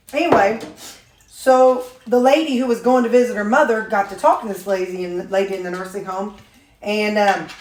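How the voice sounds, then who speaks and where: A woman's voice: medium pitch, reverberant. A woman chatting casually while she makes supper, rambling through a story with lots of ums. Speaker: vlogger showing her meals.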